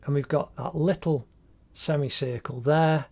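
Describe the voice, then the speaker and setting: A man's voice: on the high side, steady tone, measured pace, creaky, warm tone. A man talks through a drawing tutorial step by step in an encouraging way, recorded as a voice-over while he draws. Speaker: art teacher.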